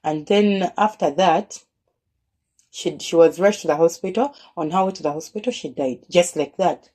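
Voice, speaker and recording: A woman's voice: fairly low pitch, moderate pace, warm tone. A woman telling a personal story in an earnest way, often repeating words and restarting her phrases.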